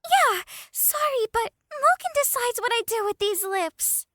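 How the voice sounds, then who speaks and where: A woman's voice: very high voice, measured pace, bright, forceful tone, no echo, studio quality, exaggerated voice. A woman voicing a petulant, needy young monster girl who protests and argues. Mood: whiny. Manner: whiny, protesting.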